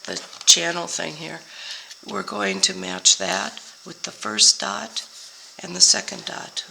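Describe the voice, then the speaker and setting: Her voice sits on the low side, steady and slow with a creaky edge. This older woman is still hoarse from a week-long illness as she talks her way through making a card, occasionally losing the name of a product partway through a sentence.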